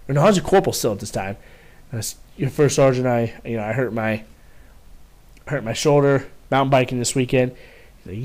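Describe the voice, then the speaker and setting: A man's voice: mid-range voice, fairly quick, pauses often, a little mellow. A young man telling a story casually to camera, rambling with restarts and frequent swearing. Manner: rambling, profane, many restarts. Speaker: vlogger.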